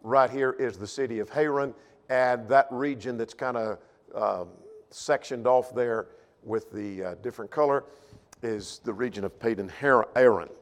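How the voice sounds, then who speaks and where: A man of middle pitch teaching a Bible class, thinking aloud as he works through the text and often restarting or repeating words. His voice carries a long hall reverb, as if recorded in a large room. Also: moderate pace.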